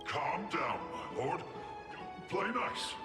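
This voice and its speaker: An actor playing a deferential young male guard in a game who speaks slowly and politely. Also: on the high side, big pitch swings, over music. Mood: soothing.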